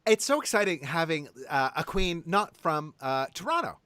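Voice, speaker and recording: A man's voice: on the high side, big pitch swings, normal speed, sharp tone, clean tone, dry recording, clean studio sound. A man co-hosting a casual livestream, chatty and upbeat, laughing often. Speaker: co-host.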